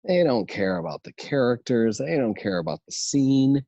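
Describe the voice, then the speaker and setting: A man's voice: medium pitch, sing-song, normal speed, warm tone, dry recording, dull audio. A man who teaches improv, a podcast guest who laughs easily and tells rambling stories. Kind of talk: casual podcast chat.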